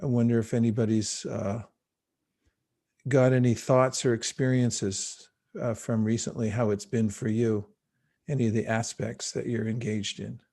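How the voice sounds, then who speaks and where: A man leading a guided meditation session over a video call, speaking in a calm, unhurried and gently instructive way. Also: medium pitch, vocal fry. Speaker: meditation teacher.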